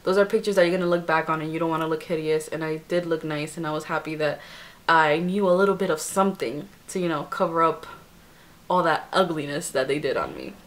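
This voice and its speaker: A young woman and beauty vlogger telling a personal story in a casual, animated way, full of "like" fillers. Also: deep voice, brisk. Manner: chatty, animated retelling with many "like" fillers.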